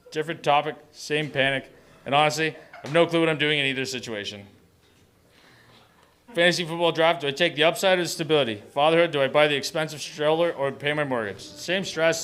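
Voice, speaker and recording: A man's voice: a little high, fast, fairly bright tone. A man doing a stand-up set in short, clipped punchlines. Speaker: stand-up comedian. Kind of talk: stand-up comedy.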